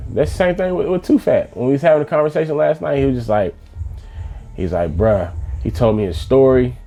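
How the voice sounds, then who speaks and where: A man's voice: on the low side, mellow, lo-fi sound. A man, a music manager talking casually in an interview, loose and emphatic with slang and many restarts.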